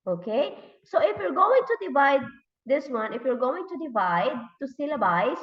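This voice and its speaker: A woman teaching English to young pupils, speaking with a Thai accent and repeating each word slowly for them to copy. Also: fairly high pitch, expressive. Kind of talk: classroom lesson for young learners. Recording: dull, roomy, recorded from a distance.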